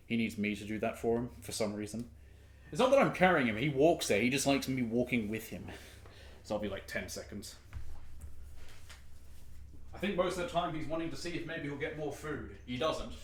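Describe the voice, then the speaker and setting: A young man chatting casually to his stream while playing, rambling with quick asides. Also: mid-range voice, a little hiss or hum. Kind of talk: casual gameplay commentary.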